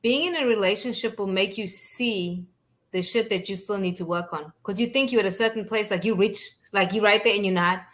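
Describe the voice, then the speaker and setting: A woman's voice: mid-range voice, fairly quick, a bit bright. Lady host on a live chat, just says it how it is, reads comments out. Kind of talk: casual chat.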